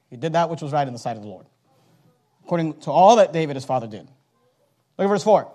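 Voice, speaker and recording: A man preaching a sermon, reading scripture aloud and swinging from quiet asides to loud, slowed-down emphasis. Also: on the high side, expressive. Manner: reads King James scripture aloud, slowing for emphasis.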